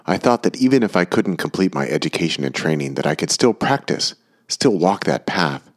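Brief: fanatical woman artist, preaching conviction, audiobook reading by a very deep-voiced man. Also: sing-song, fairly quick. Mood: rueful.

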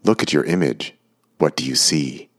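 Brief: fanatical woman artist, preaching conviction, audiobook reading by a very deep-voiced man. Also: expressive, moderate pace, fairly bright tone, full character voice. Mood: fervent.

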